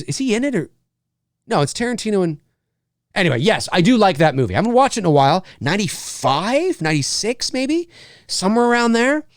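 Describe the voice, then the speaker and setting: A man's voice: high-pitched, no echo, clean studio sound. A North American man hosting a live stream, chatting casually and rambling through viewer comments. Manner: rambling, animated, lots of fillers and laughs.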